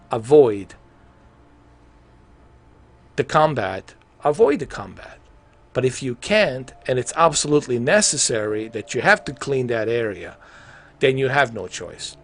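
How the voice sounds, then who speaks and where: Male streamer, mid pitch, lively swings, excitable rambling chat with casual swearing. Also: unhurried, pauses often. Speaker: gaming live streamer. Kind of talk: casual live-stream commentary.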